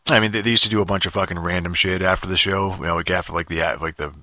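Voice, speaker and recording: A man's voice: deep voice, fairly even intonation, very fast, pushed and bright, no echo. A man ranting in a casual monologue, swearing constantly and restarting sentences as he rambles. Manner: profane, rambling, many restarts and fillers. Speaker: podcaster.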